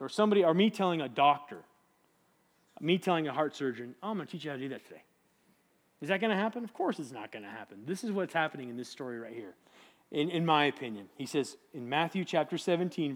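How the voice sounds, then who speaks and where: Man, middle-aged, preacher, higher-pitched voice, animated, casual sermon. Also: fast. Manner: animated, jokey, acts out biblical voices.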